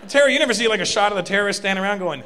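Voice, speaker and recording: A male comedian doing animated, punchy stand-up at a large live venue. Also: high-pitched, racing, a little hiss or hum. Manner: animated and punchy, often building to a shout. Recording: live in a reverberant hall.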